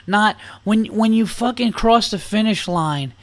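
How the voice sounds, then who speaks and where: A man's voice: high-pitched, normal speed, hardly any pauses. Profane ranting male podcast host. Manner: rambling, profane, animated ranting. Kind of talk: comedic monologue.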